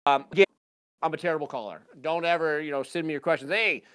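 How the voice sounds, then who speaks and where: A man gives a live talk to an audience through a handheld microphone. His voice sits slightly higher than most men's, and he speaks loosely and eagerly, dropping in plenty of fillers. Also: quick pace, clean tone. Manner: casual, energetic, full of fillers. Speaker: hunting seminar presenter.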